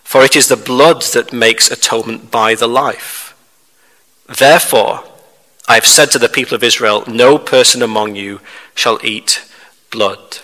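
A man preaching a sermon as a pastor, measured and emphatic, with rhetorical questions to his congregation. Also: mid-range voice, pushed and bright, big-room sound, low-quality recording. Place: church.

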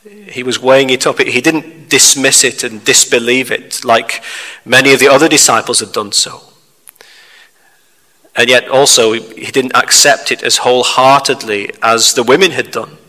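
A man preaching a sermon, measured and steady, putting questions to the listeners. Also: medium pitch. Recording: reverberant hall.

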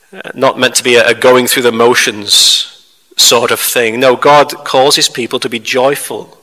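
A man preaching a sermon as a pastor, measured and emphatic, with rhetorical questions to his congregation. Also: medium pitch, sharp tone, in a large hall, poor audio. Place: church.

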